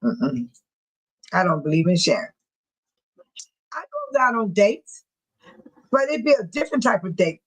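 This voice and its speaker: A woman's voice: fairly low pitch, sing-song, measured pace, long pauses, breathy edge, poor audio. A woman in her sixties hosting a livestream in casual chat, talking bluntly and telling stories with frequent laughs. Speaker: livestream host speaking to viewers.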